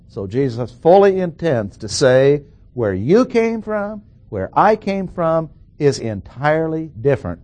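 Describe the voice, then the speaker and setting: Middle-aged male Bible teacher, slow and methodical, repeats key points for emphasis. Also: mid-range voice. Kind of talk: expository Bible lesson.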